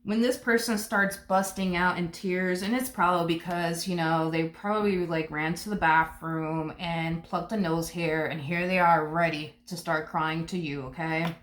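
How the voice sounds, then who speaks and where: Brief: sassy woman tarot reader, low voice, casual chat, roomy echo. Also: fairly even intonation, moderate pace, hardly any pauses, a bit bright. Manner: chatty, sassy, full of "um" and "you know". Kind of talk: casual tarot reading monologue.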